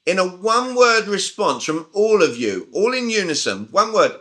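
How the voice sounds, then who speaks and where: A man's voice: high voice, sharp tone. A man in his forties with a British accent, coaching a group over a video call with emphatic questions. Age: 40s. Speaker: communication coach. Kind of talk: live online sales training.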